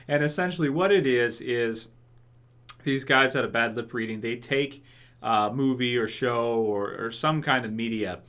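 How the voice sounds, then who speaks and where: A man's voice: mid-range voice, fairly bright tone. A young man from England rambling through a casual video review, laughing often and filling gaps with ums and uhs. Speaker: YouTube reaction host.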